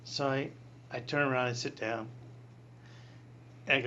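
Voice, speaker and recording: A man in his sixties, a priest, telling a personal story in an interview, animated, acting out voices and laughing often. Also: mid-range voice, a little fast, vocal fry, pauses often, lo-fi sound, a little hiss or hum.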